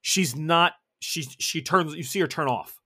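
A man with a slightly high voice runs a tabletop horror game, laying out scenes and rules as game master. He describes gory action in a loose, searching way, often restarting his sentences. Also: unhurried, bright, forceful tone.

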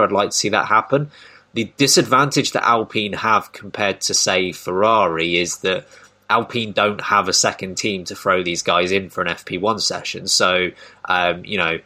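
A man's voice: on the low side, steady tone, normal speed, bright, forceful tone. A man hosting a casual podcast discussion, thoughtful and given to restarts. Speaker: podcast host.

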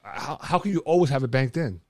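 A man's voice: mid-range voice, animated, fairly quick, dry recording. Co-host, male, casual rambler with lots of restarts, dry close sound. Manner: rambling storyteller with many restarts and fillers. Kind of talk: casual chat.

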